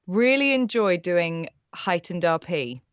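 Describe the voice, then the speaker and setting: A young woman from Wales speaks with only a faint Welsh lilt left in her voice. She talks in a bubbly, enthusiastic way, sitting somewhat low for a woman. The sound is dry and a little muffled, like remote call audio. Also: animated, slow pace, clean tone, no echo. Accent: faint Welsh, mostly neutral British. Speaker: voice actor guest. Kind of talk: casual interview chat.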